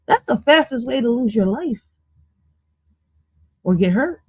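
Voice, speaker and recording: A woman comments on a stream in a casual reaction style. She is blunt, scolding and profane, with a slightly high voice and a dry, close sound. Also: expressive, unhurried, a little mellow, slightly rough, no echo.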